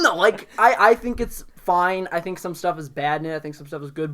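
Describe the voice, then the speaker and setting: A man hosting a casual pop culture podcast, talking in a jokey, animated way. He riffs quickly off his co-host's remarks and keeps the chat moving. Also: high-pitched. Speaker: podcast host.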